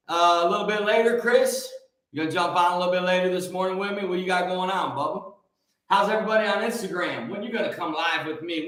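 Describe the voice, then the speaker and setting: An American man hosting a morning livestream, hyped and shouting out viewers by name with rhyming catchphrases. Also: sits high, heavy reverb, rough recording. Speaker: livestream host. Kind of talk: upbeat live-stream greeting viewers.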